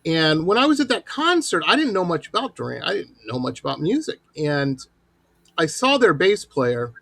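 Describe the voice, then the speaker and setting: Animated storyteller man with dry close sound. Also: on the high side, normal speed, gravelly, no echo. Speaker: host. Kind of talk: casual storytelling.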